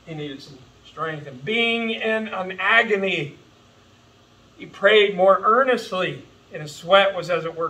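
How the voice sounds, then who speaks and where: A man's voice: fairly high pitch, bright, forceful tone, distant mic, poor audio. A man preaching an earnest, impassioned sermon as pastor, calling his listeners folks. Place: church sanctuary.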